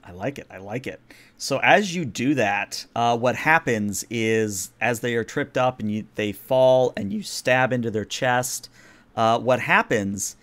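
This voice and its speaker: A man's voice: mid-range voice, measured pace, fairly bright tone. A man running a tabletop role-playing game as game master, explaining the rules patiently and narrating the action.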